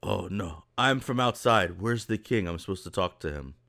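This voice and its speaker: A man's voice: low-pitched, moderate pace, creaky, bright, forceful tone, heavily acted. A man doing a clueless, chatty companion. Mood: casual. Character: clueless cheerful male adventurer, bad at stealth.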